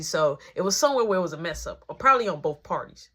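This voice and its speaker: A woman's voice: fairly low pitch, animated, fast talker, slightly rough. A woman telling a rambling work story in a casual, slangy way, acting out the back-and-forth of the people in it. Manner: slangy, rambling, acts out quoted dialogue.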